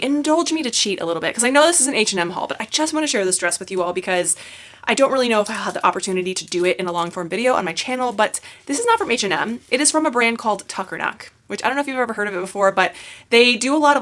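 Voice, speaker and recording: A woman in her thirties with a light lilt chats casually through a fashion try-on haul. Her voice is bright and forward, and she gushes over every piece with chatty, filler-rich enthusiasm. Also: mid-range voice. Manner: chatty, gushing, many filler likes. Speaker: fashion YouTuber.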